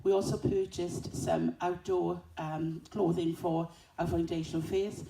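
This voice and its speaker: A woman's voice: on the low side, level tone, a little slow, gravelly, warm tone. A woman thanking a fund on behalf of a school, hesitant and correcting herself. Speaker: school representative. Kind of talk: short speech at a community event. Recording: echoey hall from far off, faint noise.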